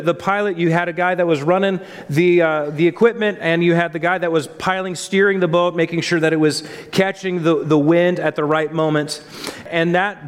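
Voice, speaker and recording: A man's voice: sits high, in a large hall. A man preaching a sermon at a church service, talking casually and putting questions to the congregation. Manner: conversational, asks the congregation questions. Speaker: pastor.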